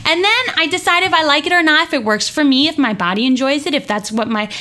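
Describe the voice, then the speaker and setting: A woman yoga teacher talking with passion and emphasis in a podcast interview, often jumping up in pitch. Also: fast talker. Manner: passionate, emphatic, swings high and animated.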